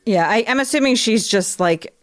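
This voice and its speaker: A young adult woman co-hosting a casual book podcast, animated and laughing as she reads quotes in playful accents. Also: a little high, moderate pace, dry recording, clean studio sound. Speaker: podcast co-host. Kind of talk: casual book discussion chat.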